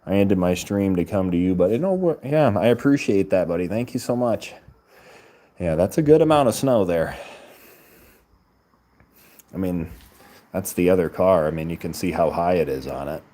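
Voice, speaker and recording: A man's voice: low voice, expressive, normal speed, pauses often, warm tone. A man hosting a casual live stream, chatting loosely with viewers and greeting them by name, often laughing as he talks into a handheld phone.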